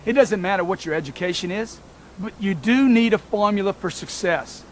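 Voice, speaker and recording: A man's voice: sits high, normal speed, slight background noise. A man giving a motivational talk, emphatic and repetitive, speaking straight to his listeners as folks.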